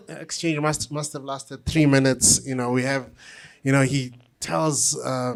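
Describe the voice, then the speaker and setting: A middle-aged man, an author and conductor, telling an anecdote at a book talk with lively, self-deprecating humor. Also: mid-range voice. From South Africa. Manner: animated anecdotal storytelling with self-deprecating laughs.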